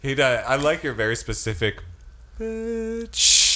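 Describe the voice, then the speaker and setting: A man's voice: medium pitch, big pitch swings, moderate pace, pushed and bright. A man chatting casually and telling stories with a wry touch. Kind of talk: casual chat.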